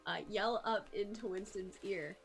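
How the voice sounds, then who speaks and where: Woman tabletop player, unhurried, bright tone, faint music behind. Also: medium pitch, fairly even intonation. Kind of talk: casual tabletop play on a live stream.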